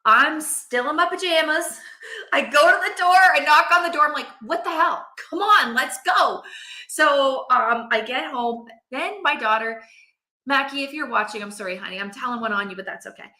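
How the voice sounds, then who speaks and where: Animated bright-voiced woman vlogger. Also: sits high, normal speed, reverberant. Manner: animated, acts out her own quotes. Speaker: vlogger, mother. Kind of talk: casual storytelling to camera.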